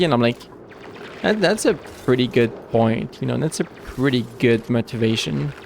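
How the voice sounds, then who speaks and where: A man's voice: mid-range voice, big pitch swings, slight background noise. A man streaming a game live, chatting casually and rambling with many restarts and fillers. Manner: rambling, halting with frequent restarts.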